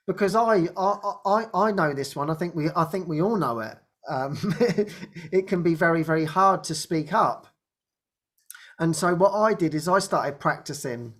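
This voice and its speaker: A man's voice: high voice, expressive, moderate pace, fairly bright tone. A man hosting a spiritual group talk, often restarting his sentences, laughing and acting out quoted speech. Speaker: host.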